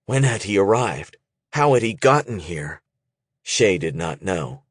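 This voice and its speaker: A man narrating an audiobook in a measured, expressive reading. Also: deep voice, slightly rough, dry recording, clean studio sound. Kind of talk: scripted narration.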